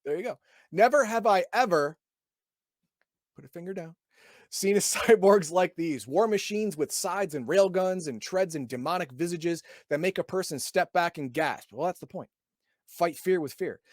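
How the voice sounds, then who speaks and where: A podcast host reviewing a game book reads from a role-playing book in a somewhat high voice, then breaks off into wry, sarcastic riffs in a casual chat. He speaks at normal speed, stumbling and repeating words often, and the sound is dry and close with no echo.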